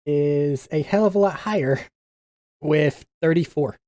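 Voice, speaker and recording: A man playing a tabletop game, reacting excitedly to his dice rolls. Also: on the high side, measured pace, no echo. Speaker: player. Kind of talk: casual chat.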